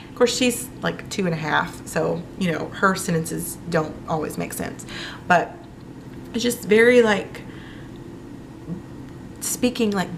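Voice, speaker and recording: A woman's voice: mid-range voice, gravelly, a little hiss or hum. A young woman chatting in a casual vlog, telling a personal story with lots of fillers. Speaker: vlogger.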